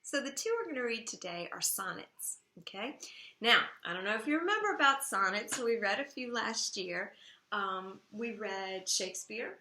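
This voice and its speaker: A woman teaching a high school English class, lecturing in a conversational way and checking in with "okay?". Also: expressive, moderate pace, bright, forceful tone, reverberant. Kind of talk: recorded lecture to students.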